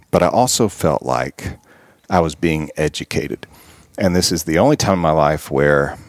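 A man's voice: rumbling low, no echo, clean studio sound. A man, a podcast guest and author, earnestly retelling scenes and reflecting on them in an interview. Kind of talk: storytelling in an interview.

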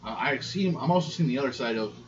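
A man co-hosting a casual podcast, reading news haltingly and arguing mildly. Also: medium pitch, animated. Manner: halting, stumbling reader, conciliatory. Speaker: podcast co-host. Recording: lo-fi audio with background noise.

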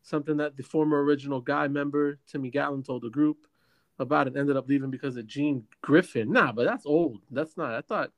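A man co-hosting a casual chat, animated and joking, exclaiming a lot. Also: on the high side, brisk. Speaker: podcast co-host.

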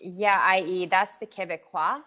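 Brief: American woman podcast co-host, low voice, playful storyteller. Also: steady tone, measured pace, pushed and bright. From United States. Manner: chatty storyteller, playful, laughs often. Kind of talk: casual chat.

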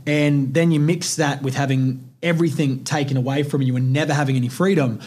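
A man's voice: mid-range voice, a little fast. A man with an Australian accent, hosting a podcast and telling a personal story, swearing freely and acting out the voices in his quotes. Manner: animated, profane, acts out quotes. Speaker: podcast host.

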